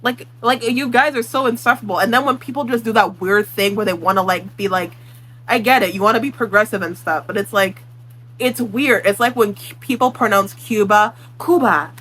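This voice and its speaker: A woman's voice: medium pitch, a little fast, fairly bright tone, breathy edge, rough recording. A woman book vlogger ranting her opinions in casual talk, blunt and exasperated, swearing freely. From Puerto Rican.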